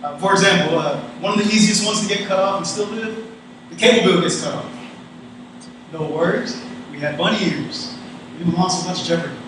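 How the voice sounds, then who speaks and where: A man's voice: sits high, fairly quick. A young adult man from North Carolina, giving a casual, folksy graduation speech that addresses the audience directly. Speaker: guest speaker. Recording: echoey hall, distant mic, noisy.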